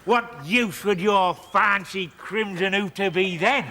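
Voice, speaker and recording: A man's voice: high voice, slow pace, few pauses, pushed and bright, big-room sound, slight background noise. A man delivering an absurd comedy monologue in an insistent, needling way.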